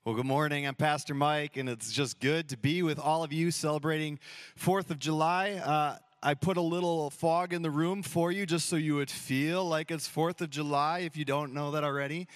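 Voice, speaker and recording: A man's voice: fairly high pitch, steady tone, normal speed, no room sound, clean studio sound, faint music behind. A man in his thirties preaching a sermon as pastor in a church, telling stories casually and playfully acting out dialogue. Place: church sanctuary.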